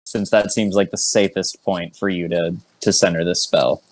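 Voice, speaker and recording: A man narrating as game master of an online tabletop game, relaxed, with many fillers and laughing asides. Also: low voice, normal speed, no room sound.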